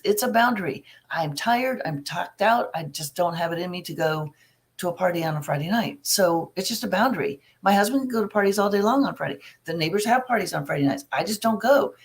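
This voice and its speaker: Chatty middle-aged woman giving frank advice. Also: mid-range voice. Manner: casual, chatty, frank advice with everyday examples. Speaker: family recovery coach. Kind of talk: live Q&A, answering viewer questions.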